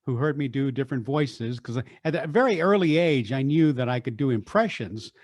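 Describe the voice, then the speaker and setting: An older man, a radio deejay and voice artist, telling stories in an energetic, animated interview. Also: mid-range voice, no echo, studio quality. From Texas, USA. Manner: energetic, animated, quick restarts. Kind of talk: storytelling interview.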